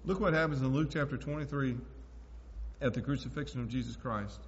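A man preaching a sermon as pastor, emphatic, swinging between loud declarations and hushed asides. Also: medium pitch, a little fast. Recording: echoey hall, dull lo-fi sound.

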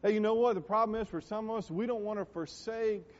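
A middle-aged man preaching a sermon in a church, emphatic, swinging from loud exhortations to quiet asides. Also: high voice, fast talker. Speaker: pastor. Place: church sanctuary. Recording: dull, reverberant church hall recording.

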